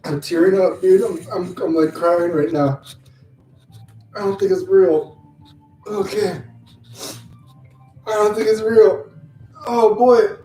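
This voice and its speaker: A man streaming live, trying to read aloud and repeatedly breaking into helpless laughter, speaking slowly and haltingly between fits. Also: high voice, mellow, soft background music.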